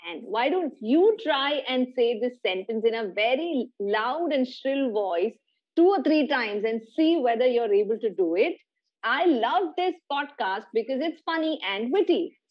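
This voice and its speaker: A woman's voice: a little high, highs cut off. A middle-aged woman hosting a podcast, patiently explaining science in casual chat with a child and laughing often. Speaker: podcast host.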